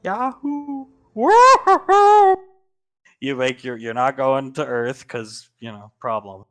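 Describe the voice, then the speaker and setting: A man narrating as game master of a tabletop game, animated and laughing as he goes. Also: medium pitch, measured pace, soft background music.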